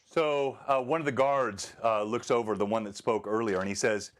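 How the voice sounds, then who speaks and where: Relaxed man narrating as game master. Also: medium pitch, normal speed, hardly any pauses.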